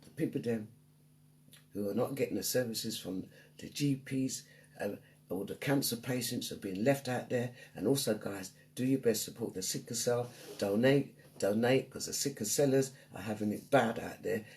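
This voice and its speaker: A woman's voice: very deep voice, moderate pace, a little mellow. A woman hosting a live online radio show, chatting upbeat and greeting listeners by name. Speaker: radio DJ and host.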